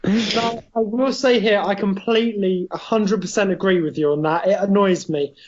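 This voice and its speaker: A man co-hosting a podcast, measured and agreeable in casual chat. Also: high voice, steady tone, dull audio. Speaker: podcast co-host.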